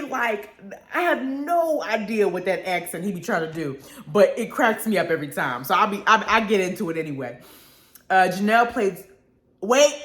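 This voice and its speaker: A woman's voice: mid-range voice, fairly bright tone. A young adult woman hosting a casual live radio show, talking expressively, laughing often and drawling words like honey and y'all. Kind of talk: casual live-stream chat reading viewer comments. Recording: roomy echo.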